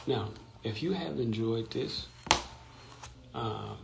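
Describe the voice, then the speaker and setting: A Louisiana host takes things slowly on an informal social-media live stream, explaining in a deep, gravelly voice and repeatedly checking "right?". Recorded on a phone or computer mic, the audio is very noisy.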